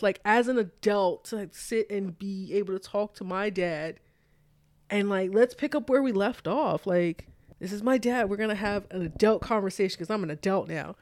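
A young adult woman telling a personal story in a casual talk, animated and full of "like", acting out both sides of the dialogue. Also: mid-range voice, normal speed.

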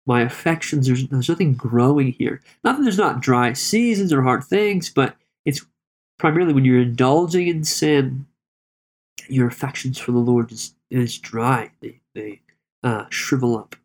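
Casting: man, mid-pitched, conversational Bible discussion, loose and halting delivery. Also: lively intonation. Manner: conversational, halting, with many restarts. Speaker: Bible study co-host.

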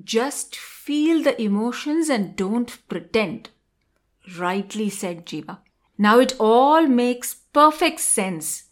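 A woman interviewer who sums up her guest's points and asks her next question. She speaks in a measured, appreciative way. Her voice is a bit higher than most women's. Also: expressive.

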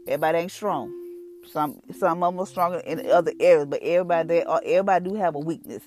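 A woman's voice: on the low side, fast talker. A woman hosting a podcast, giving an earnest, informal devotional talk that rambles and often repeats phrases. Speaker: podcast host.

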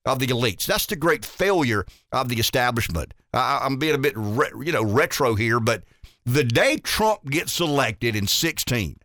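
Emphatic talk radio host. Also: male voice, mid-range voice, very animated, normal speed, a bit bright, no room sound, studio quality. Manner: emphatic, repeats words and restarts. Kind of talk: opinionated political talk radio monologue.

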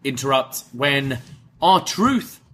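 A man with a British accent softened by years in Canada, co-hosting a casual podcast and lively acting out quotes as he recaps a show. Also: medium pitch, drawn-out words. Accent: British with Canadian mix. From Britain. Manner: lively storyteller, acts out quotes. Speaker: podcast co-host.

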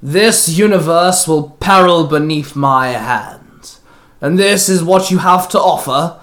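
Man voicing a storybook villain: slow, loud, mocking conqueror, pitched up. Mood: gloating. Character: gloating villainous sky-floating conqueror, male adult.

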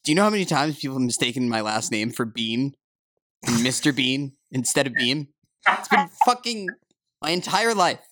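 A blunt, exasperated man in a casual podcast chat. His voice is bright and lively, swinging up and down in pitch. He sounds dry and close to the mic. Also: a little fast, dry recording. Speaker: podcast co-host. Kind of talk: casual movie review chat.

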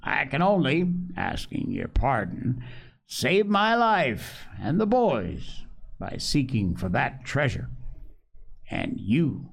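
Man reading as a gruff old sea cook, wily and slow, rough sailor's talk. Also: mid-range voice, sing-song, full character voice. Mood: wheedling.

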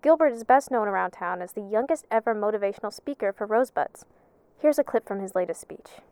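A woman playing a small-town radio news anchor in an audio drama, reading the news flatly. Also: mid-range voice, fairly quick, vocal fry, clean tone, dry recording.

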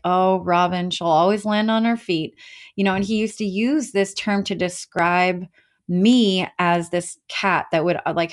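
A woman in her thirties co-hosting a podcast, telling stories with energy in casual chat, with lots of "like"s. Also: mid-range voice. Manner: energetic, storytelling, many "like"s. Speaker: podcast co-host.

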